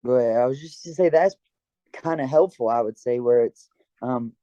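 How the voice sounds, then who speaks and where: A man speaks earnestly and reflectively as an interview guest. His voice is very dark and mellow. The sound is dull and lo-fi, with a dry, close feel. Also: medium pitch, moderate pace, no room sound. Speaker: guest, karate fighter and dojo owner. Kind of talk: casual interview chat.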